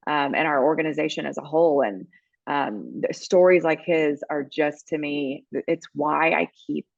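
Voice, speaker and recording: A woman's voice: low-pitched, gravelly, no echo, muffled recording. A middle-aged woman co-hosting a podcast, telling stories in a rambling, emotional way with many restarts. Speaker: podcast co-host and baseball team reporter. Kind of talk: casual chat.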